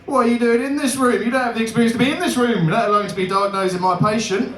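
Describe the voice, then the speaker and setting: A man voicing a brash, bossy male doctor who talks loud, slow and indignant. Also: very high-pitched, fairly even intonation, echoey room, voice pushed up.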